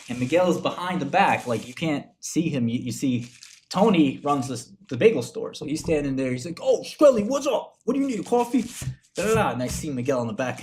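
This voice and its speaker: Over slight background noise, a finance streamer with a medium-pitched, darkish voice chats loosely while clicking through research. He tells stories in a slangy, relaxed way and keeps addressing viewers as "bro."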